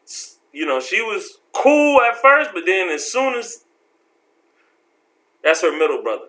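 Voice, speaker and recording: A man telling a story from his life in a casual vlog, slangy and animated, acting out the people in it. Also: sits high. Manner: animated, slangy, acts out voices.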